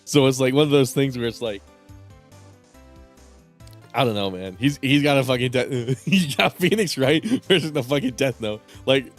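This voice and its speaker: A man's voice: medium pitch, animated, moderate pace, faint music behind. A man streaming a game, talking in a casual, crude way and laughing often. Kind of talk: let's-play commentary.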